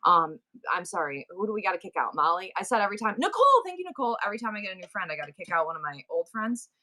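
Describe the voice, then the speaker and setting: A woman in her forties hosts a live-stream sale in a loose, chatty way. She breaks into rapid auctioneer-style counting, reeling off numbers in quick runs. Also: mid-range voice, big pitch swings, pushed and bright. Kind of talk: casual live-stream chat.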